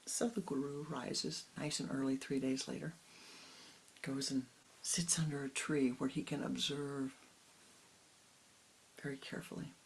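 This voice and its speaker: A woman spiritual teacher telling a parable in a calm, soft-spoken way that often drops close to a whisper. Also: rumbling low, measured pace, gravelly, long pauses, slight background noise, rough recording. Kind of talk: storytelling sermon.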